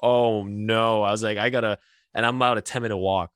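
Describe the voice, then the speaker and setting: Laughing, animated man in casual chat. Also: lowish voice, racing, no room sound, clean studio sound. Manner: animated storyteller, laughs often.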